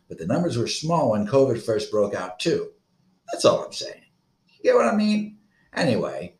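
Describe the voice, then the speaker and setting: A man's voice: medium pitch, roomy sound. A man in his thirties from Florida, hosting a solo podcast in a profane, rambling, agitated rant. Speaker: podcast host.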